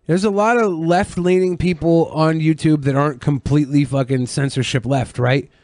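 A man's voice: a little high, fairly even intonation, normal speed, a little mellow, dry recording, studio quality. A man co-hosting a podcast, riffing crudely and joking in casual chat. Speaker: podcast co-host.

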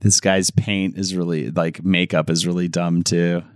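A man's voice: low-pitched, flat delivery, measured pace, no echo, studio quality. A man co-hosting a podcast, chatting casually and animatedly as he watches a movie, exclaiming and griping. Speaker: podcast co-host.

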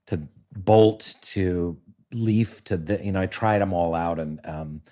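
A man in his fifties chatting as a podcast guest, telling stories with lively acted-out voices and sound effects. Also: low-pitched, slow. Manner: animated storyteller, acts out voices and sound effects. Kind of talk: casual storytelling chat.

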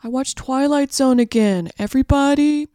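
A woman's voice: sits high, normal speed, dark tone, no room sound, studio quality. Crude, rambling young woman comedian. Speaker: podcast host. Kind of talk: comedic monologue.

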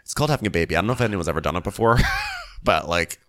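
A man co-hosting a comedy recap podcast, sarcastic and deadpan, breaking into high-pitched impressions. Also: racing. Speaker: podcast co-host.

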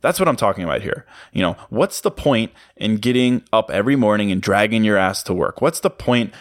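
A man's voice: lowish voice, lively intonation, fairly quick, dry recording, clean studio sound. A young man hosting his own podcast, musing in a casual, self-mocking, rambling way with plenty of fillers. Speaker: podcast host. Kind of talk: casual solo podcast monologue.

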